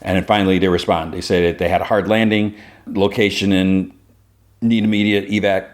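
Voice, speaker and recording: A man's voice: deep voice, level tone, fairly quick. A man hosting a podcast, retelling a TV episode in a loose, chatty way, full of "like" fillers. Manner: loose storytelling with many "like" fillers. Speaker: podcast host. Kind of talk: casual episode recap.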